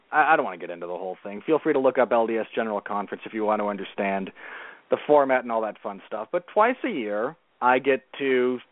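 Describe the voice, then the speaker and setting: A man's voice: medium pitch, no echo. A man with a mid-range voice, a guest on a film discussion show. He talks earnestly and often rewords his points partway through. His voice comes through a narrow, phone-like line that sounds dry. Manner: earnest, restarts and corrects himself. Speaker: podcast guest.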